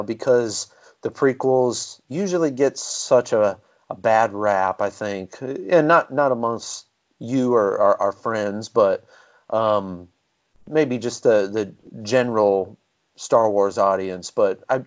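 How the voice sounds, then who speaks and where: A man's voice: on the low side, dull audio. A man chatting casually as a podcast guest, polite and easygoing. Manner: polite, easygoing, says "yes, sir" often.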